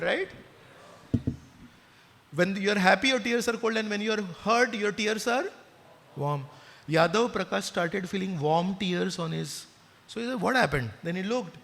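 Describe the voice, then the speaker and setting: A high-pitched man with an Indian accent tells a devotional story to his listeners and often asks them questions. His voice carries a long reverb, as in a large hall. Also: measured pace, creaky, a bit bright. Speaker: spiritual speaker.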